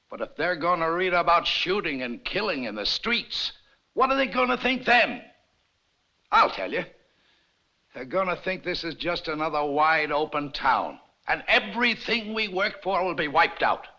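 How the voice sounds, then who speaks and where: An actor playing an earnest town leader making a measured, swelling speech to a church meeting, on an old lo-fi film soundtrack. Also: male voice, on the high side, sharp tone, heavily acted. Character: earnest persuasive male town leader, middle-aged. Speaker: townsman addressing a church meeting.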